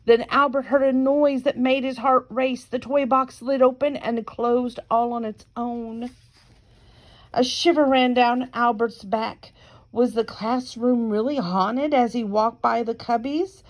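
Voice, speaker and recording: A woman reading a children's picture book aloud, slow and careful, with chatty asides between pages. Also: fairly high pitch, steady tone. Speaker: reader.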